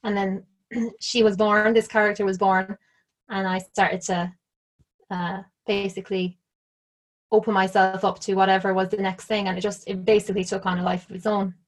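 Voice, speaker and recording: A woman's voice: medium pitch, level tone, moderate pace. Chatty Irish woman telling a story. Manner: chatty, full of "like", acts out quoted lines. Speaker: interview guest. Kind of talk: casual storytelling.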